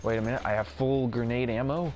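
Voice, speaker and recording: A man's voice: mid-range voice, fairly even intonation, quick pace. A man giving casual gameplay commentary, rambling and mocking himself as he plays. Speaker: gaming video creator. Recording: game music underneath.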